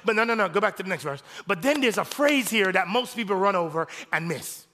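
A male pastor preaching a sermon, rising to shouts on key phrases in call-and-response style, in a church sanctuary. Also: high voice, expressive, brisk, in a large hall, slight background noise.

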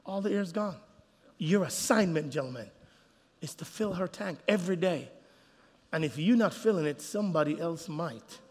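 Male preacher, high and animated, echoing hall. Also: moderate pace. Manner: animated, acts out voices, calls out to the crowd. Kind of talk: sermon. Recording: reverberant hall.

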